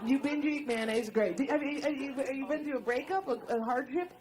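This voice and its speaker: A young adult woman stand-up comedian doing crowd work, teasing an audience member in a quick voice that keeps breaking into laughter. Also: sits high. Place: comedy club stage before a live audience. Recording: live club with loud crowd.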